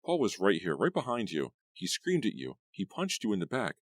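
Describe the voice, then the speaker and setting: A man's voice: wildly swooping pitch, moderate pace, dry recording, studio quality. A man voicing a desperate, anxious teenage girl in an audiobook, pleading in a raised voice. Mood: angry. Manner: pleading, rising to high pitch.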